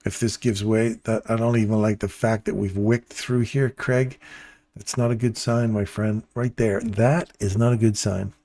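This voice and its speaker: A man's voice: lowish voice, steady tone, moderate pace, warm tone. A man hosting a live trading stream, giving casual, playful running commentary and talking to his viewers by name.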